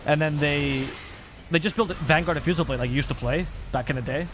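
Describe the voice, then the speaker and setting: Fast-talking opinionated male commentator. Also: a little high, fairly bright tone, a little hiss or hum. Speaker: esports commentator. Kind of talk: casual panel chat.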